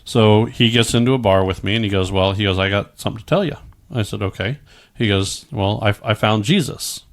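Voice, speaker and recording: Middle-aged man, lowish voice, casual storytelling, stammers and restarts, swears freely. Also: fairly quick. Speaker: guest telling his story.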